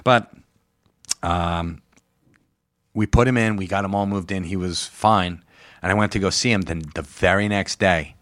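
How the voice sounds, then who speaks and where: Deep-voiced middle-aged man telling stories. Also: steady tone, a little slow, pauses often, fairly bright tone, dry recording. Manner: storytelling, laughs and swears, acts out quotes. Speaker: podcast host. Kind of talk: casual chat.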